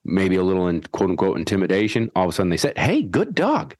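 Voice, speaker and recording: A man hosting a podcast and explaining dog training in a folksy, animated way, acting out his whistle commands. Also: deep voice, racing, no echo. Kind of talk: casual instructional chat.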